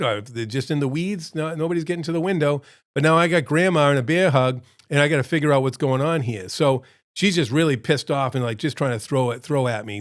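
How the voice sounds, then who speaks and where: A middle-aged restaurant owner with a medium-pitched voice casually tells a rambling, self-deprecating story. He laughs often as he plays out both sides of the exchange.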